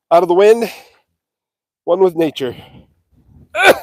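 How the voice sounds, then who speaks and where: A man walks a muddy pasture with a handheld mic, chatting to viewers and calling to his cows in a playful, sing-song way. His voice sits fairly high and swings widely in pitch. He talks at an easygoing pace, close and dry on the mic. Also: very animated, a little slow, long pauses, no room sound. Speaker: livestream vlogger feeding cattle. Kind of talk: casual live-stream chat outdoors. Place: outdoors on a windy, muddy farm field. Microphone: handheld mic while walking.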